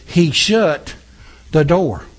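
Extremely slow yet very animated, a male pastor with a high voice preaches with fervor, his pitch rising and falling sharply as he calls out to the people in his church.

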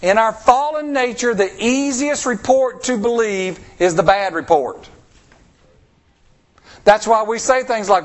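A male pastor giving an expressive sermon, asking the congregation rhetorical questions and acting out the voices of people he quotes. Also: high voice, a little slow.

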